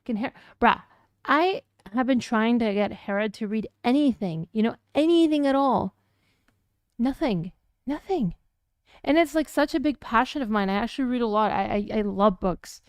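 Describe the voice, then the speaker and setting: Smooth-voiced Latina woman, playful. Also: on the high side, lively intonation, normal speed, no room sound, clean studio sound. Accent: Latin American Spanish. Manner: playful, teasing, chatty. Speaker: streamer's partner answering chat. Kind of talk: casual stream chat.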